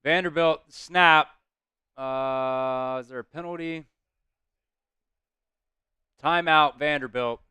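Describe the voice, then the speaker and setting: A man's voice: on the high side, slow, pauses often, bright, forceful tone, clear, resonant tone, no echo. A man hosting a live fan stream, giving blunt, frustrated play-by-play with some swearing.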